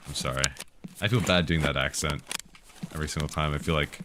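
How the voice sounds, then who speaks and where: A man's voice: rumbling low, fast, pauses often, noisy background. A man casually streaming a game, chatting and answering viewers' tech questions while he plays. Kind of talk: casual live-stream commentary.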